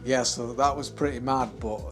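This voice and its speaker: A man tells a story in a casual, conversational way, checking in with the listener and laughing along as he goes. His voice sits at an ordinary middle pitch. Faint music plays underneath. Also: moderate pace. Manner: lively, laughing, conversational with tag questions. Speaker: tattoo studio owner.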